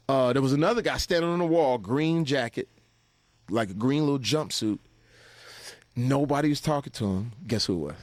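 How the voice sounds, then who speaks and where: A man spins casual stories in a lively, animated way, swearing freely and laughing as he acts out what other people said. His voice sits at an ordinary pitch. The recording is close and dry, with no room sound. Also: brisk, dry recording. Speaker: guest telling stories. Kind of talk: casual anecdotal storytelling.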